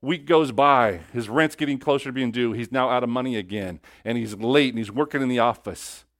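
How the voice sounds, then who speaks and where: A man preaching a sermon, telling a story with animated swings between hushed and loud delivery. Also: medium pitch, brisk, no echo, clean studio sound.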